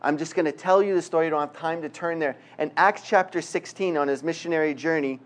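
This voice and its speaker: A man preaching a sermon, reading scripture slowly and emphatically, with humorous asides. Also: on the high side. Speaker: pastor.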